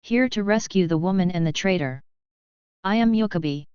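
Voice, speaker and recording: A woman voicing a menacing male cyborg crime lord in a storybook reading, who boasts slowly, like a sermon. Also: medium pitch, darkish tone, smooth, dry recording, lightly acted. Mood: gloating. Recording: slightly dull, dry sound.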